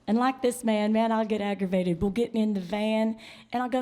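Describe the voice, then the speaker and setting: A woman's voice: medium pitch, steady tone, moderate pace, dark tone. A woman country singer chatting on stage between songs at a live radio show, telling stories with a laugh. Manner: self-deprecating, laughing storyteller. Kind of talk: stage banter and live singing. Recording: live concert broadcast with band music.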